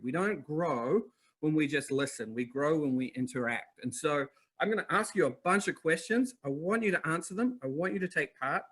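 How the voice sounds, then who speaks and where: A male webinar host from New Zealand speaks to his chat viewers during a live online masterclass. His voice is a little high and his manner lively and upbeat.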